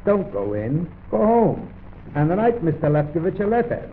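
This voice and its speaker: A man delivering a deadpan comic monologue on an early gramophone record, mimicking the phone voices he describes. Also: fairly high pitch, normal speed, narrow, tinny audio, a little hiss or hum. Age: 1910s archive recording.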